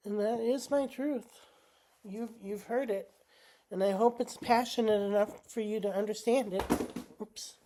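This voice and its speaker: A woman vlogging while sick, talking through a tarot card reading in a halting way, with many pauses and restarts. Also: mid-range voice, mellow. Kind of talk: casual spoken vlog.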